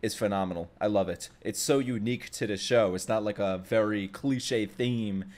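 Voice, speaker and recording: A man hosting an anime reaction, excitable, laughing often and swearing freely in casual commentary. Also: fairly low pitch, normal speed.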